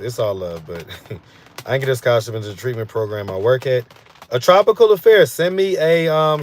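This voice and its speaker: A man's voice: mid-range voice, slight background noise. Easygoing man rambling on a live stream. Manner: loose and rambling, full of fillers like "you know what I'm saying". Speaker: host of a street interview channel. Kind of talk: casual live-stream chat, reading viewer comments.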